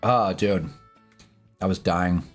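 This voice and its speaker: A man's voice: low-pitched, takes it slowly, faint music behind. Chatty man hosting a sports stream. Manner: loose and chatty, swears, talks to chat. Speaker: live-stream host. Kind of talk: casual live-stream sports talk. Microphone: own desk mic.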